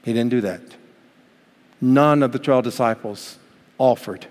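A man preaching a sermon as pastor, swinging between loud emphatic lines and hushed, slow passages, and acting out quoted voices. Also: medium pitch, in a large hall. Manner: acts out quoted voices in the story.

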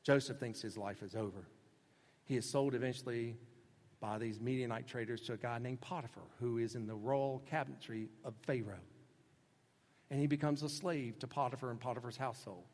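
Man preaching in an echoing hall. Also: a little fast. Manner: conversational, shifts between loud emphasis and soft low asides. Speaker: pastor. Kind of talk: sermon. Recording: long reverb of a large hall.

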